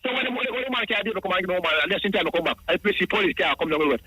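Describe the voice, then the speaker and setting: Rapid rambling Jamaican man on a phone. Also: sits high, lively intonation, sharp tone, breathy edge, dry recording, rough recording. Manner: rambling, repeats himself, speaks in patois. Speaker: radio caller. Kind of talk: phoned-in personal account.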